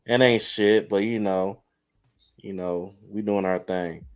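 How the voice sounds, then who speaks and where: A man who hosts a sports show, chatting on a podcast panel in a relaxed way with lots of filler words. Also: on the low side, slow pace, clear, resonant tone. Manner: relaxed, leans on "you know" fillers. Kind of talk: casual panel chat.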